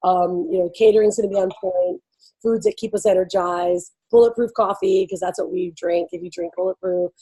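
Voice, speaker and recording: Hosting an event briefing, a woman explains things casually to attendees in a fairly low, steady, warm voice with a breathy edge, talking fairly quickly. She's bubbly, laughs often, and fills her speech with "like" and "you know." The recording is rough.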